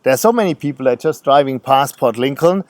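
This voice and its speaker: A man with a German accent, a travel vlogger interviewing a guide in a friendly way, pausing often for words. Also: medium pitch, lively intonation, darkish tone, dry recording. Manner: friendly, searching for words, many fillers. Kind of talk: casual interview.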